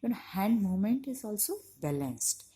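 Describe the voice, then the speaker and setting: A woman's voice: medium pitch, very animated, moderate pace, warm tone, breathy edge. A woman teacher, giving a conversational lecture to university students and leaning on "you know" as she explains. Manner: explanatory, emphatic on key points.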